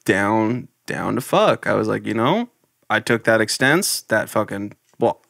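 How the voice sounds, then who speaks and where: A man's voice: on the low side, animated, a little slow, gravelly, fairly bright tone, no echo, clean studio sound. A young man hosting a podcast, telling crude, joking stories in casual banter with friends. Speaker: podcast host.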